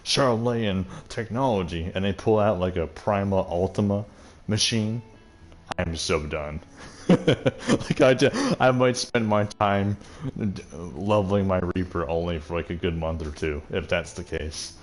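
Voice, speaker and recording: A man's voice: low-pitched, measured pace. A young man casually commenting on a game he is playing, rambling, joking and swearing. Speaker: gaming streamer.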